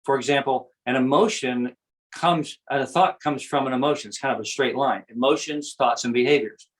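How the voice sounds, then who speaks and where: A man of ordinary, middle pitch explains his ideas to an interviewer. He talks in an earnest, teacherly way and circles back over the same phrases. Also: normal speed, low-quality recording. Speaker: guest speaker on self-awareness. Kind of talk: conversational explaining.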